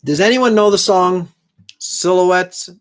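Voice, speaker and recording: A man hosts a live stream in a loose, rambling chat, cracking jokes and putting himself down. His voice sits a little higher than average. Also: takes it slowly, a bit bright. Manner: rambling, joking, self-deprecating.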